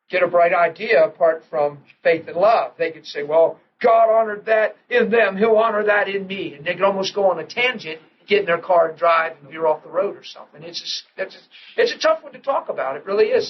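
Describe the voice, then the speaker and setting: A middle-aged man preaches a sermon in a fairly high voice, telling a story and acting out the quotes in it. He often drops to a near whisper. The old recording is muffled, with a faint hiss behind it. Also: fairly quick. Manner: storytelling, acts out quotes with sudden hushed drops.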